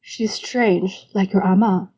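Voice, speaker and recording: A woman's voice: medium pitch, fairly even intonation, mellow. A woman voicing a firm middle-aged father who lectures his son in an audiobook. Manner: measured, lecturing. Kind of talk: audiobook character voice.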